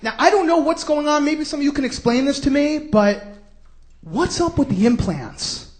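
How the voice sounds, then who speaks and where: Brief: male stand-up comic, New York accent, high-pitched, sarcastic, shouty rants. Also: lively intonation, moderate pace. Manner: brash, sarcastic ranting with sudden shouts. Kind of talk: stand-up comedy routine.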